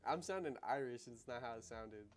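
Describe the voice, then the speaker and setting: A young American livestream host chats loosely in slang, full of "bro" and "you know what I'm saying," rambling through asides and laughing easily. His mid-range voice has lively intonation and runs a little fast, with slight background noise.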